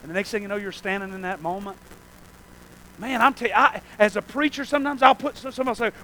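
A man preaching a fervent revival sermon, often calling out "amen?" to the congregation and at times breaking into shouts. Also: fast talker, dry recording, low-quality recording. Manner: breaks into shouts at high points.

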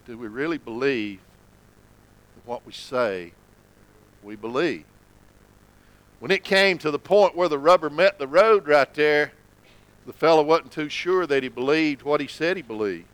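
A man preaching a sermon in church, folksy and conversational, sometimes dropping to a low hush for emphasis. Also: animated, a little slow, long pauses, low-quality recording. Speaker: pastor.

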